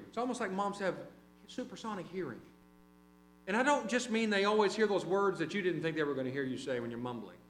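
A middle-aged man preaching a conversational sermon, telling personal stories and dropping to quiet asides. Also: fairly high pitch. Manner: conversational, anecdotal, varies loudness widely. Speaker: preacher and teacher. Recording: roomy hall with mains hum.

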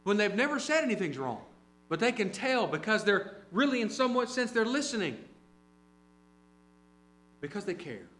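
A middle-aged man preaching a conversational sermon, telling personal stories and dropping to quiet asides. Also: high voice, sing-song, moderate pace, long pauses. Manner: conversational, anecdotal, varies loudness widely. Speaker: preacher and teacher. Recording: roomy hall with mains hum.

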